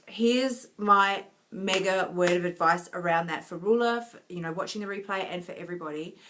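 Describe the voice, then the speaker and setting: Brief: woman coach, casual live-stream chat, giggly and encouraging, mid-pitched voice. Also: fairly bright tone. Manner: laughs often, chatty and encouraging. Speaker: online health coach.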